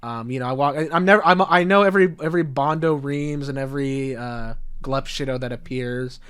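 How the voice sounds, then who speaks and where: A man's voice: medium pitch, fairly quick, smooth. A young man co-hosting a podcast, telling stories animatedly, swearing and acting out what people said. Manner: animated storyteller, swears, acts out quotes. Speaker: podcast co-host. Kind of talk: casual podcast chat.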